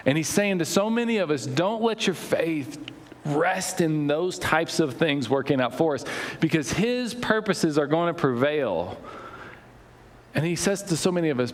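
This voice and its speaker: A man's voice: on the high side, animated, normal speed. A man preaching a sermon as pastor, conversational, full of anecdotes and restarts. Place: church sanctuary. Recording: reverberant church hall.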